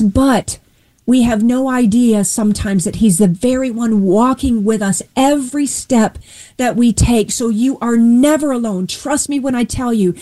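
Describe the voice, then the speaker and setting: A woman's voice: a little high, warm tone, low-quality recording. A woman earnestly sharing a personal faith testimony and retelling a Bible story with voiced dialogue.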